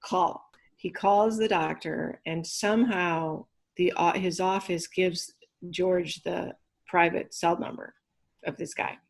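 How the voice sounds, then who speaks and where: A middle-aged woman with a slightly low voice tells her story in an interview. She talks earnestly and in detail, now and then speeding up. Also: fairly even intonation, slow pace, vocal fry. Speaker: guest, cancer survivor.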